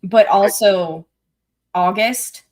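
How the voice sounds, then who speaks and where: A woman's voice: mid-range voice, drawn-out words, darkish tone. A woman with a mid-range voice chats casually as a podcast co-host. She is talkative and now and then trails off while searching for the right word. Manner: chatty, trails off searching for words. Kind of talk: casual chat.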